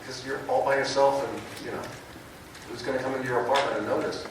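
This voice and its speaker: A man's voice: mid-range voice, fast talker. Older man telling stories in an echoey hall. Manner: lively storyteller, acts out quoted voices. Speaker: comic book writer, panel guest. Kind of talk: convention panel anecdote. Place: large convention panel room. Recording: echoey hall recorded from far off, with noise.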